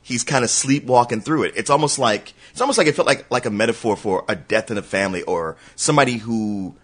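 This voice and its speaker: A man co-hosting a casual film review chat, making quick asides and laughing along. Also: mid-range voice, a bit bright, slightly rough. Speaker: podcast co-host.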